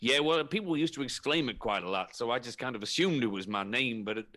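Man as a shameless fake Southern preacher; deadpan, rambling drawl, bright edge. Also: mid-range voice, quick pace. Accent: Southern US, put on. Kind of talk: improvised comedy podcast.

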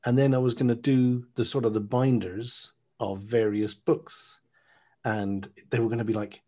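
A man's voice: medium pitch, fairly even intonation, normal speed, mellow. A middle-aged man co-hosting a podcast over a video call, rambling and joking about himself. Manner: rambling, self-mocking, many restarts. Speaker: podcast co-host. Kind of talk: casual chat.

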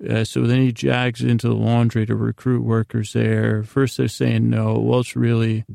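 A man's voice: mid-range voice, monotone, moderate pace, gravelly, dark tone, no echo, studio quality. A man hosting a podcast, casually retelling a TV episode in a loose storytelling way, full of "he goes" and "like" asides. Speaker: podcast host.

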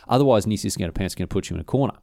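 A man voicing a scheming, smooth-talking ancient Greek politician in a chummy, conspiratorial way. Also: lowish voice, expressive, very fast, darkish tone, no room sound, clean studio sound. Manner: chummy, conspiratorial, mate-to-mate banter.

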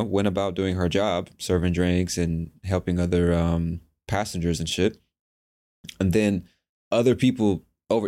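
A man's voice: sits low, a little mellow. A man hosting a podcast, telling a personal story in a candid, profane way and laughing at himself. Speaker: podcast host. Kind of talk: casual storytelling monologue.

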